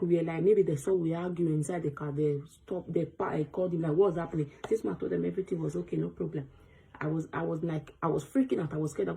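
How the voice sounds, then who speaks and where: A woman telling a personal story to camera in a storytime vlog, fast and breathless, acting out the voices of the people she quotes. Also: fairly low pitch, creaky, dark tone, low-quality recording. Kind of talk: storytime vlog, recounting an experience.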